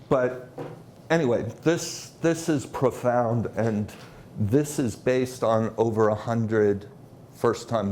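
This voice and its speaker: Halting man giving a conference talk. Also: fairly low pitch, darkish tone, slight background noise. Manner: halting, anecdotal, many fillers. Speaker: conference presenter.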